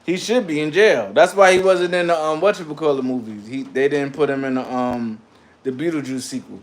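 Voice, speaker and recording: Man, livestream host, casual slangy chat, animated, slightly high voice. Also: brisk.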